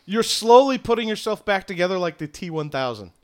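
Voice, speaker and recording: A man running a tabletop game as game master, narrating scenes in an unhurried way with fillers. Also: high-pitched, big pitch swings.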